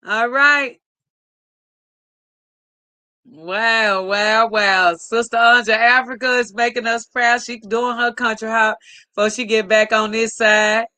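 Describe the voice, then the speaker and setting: A woman's voice: a little high, steady tone, slow pace, pauses often, bright, forceful tone, dry recording. A woman hosting a casual live stream, reading viewer comments aloud in an upbeat, effusive way.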